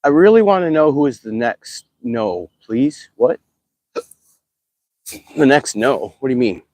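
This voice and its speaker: A man casually chatting on a live stream while fishing, excitable and talkative, whooping when thrilled. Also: medium pitch, a little slow, no echo.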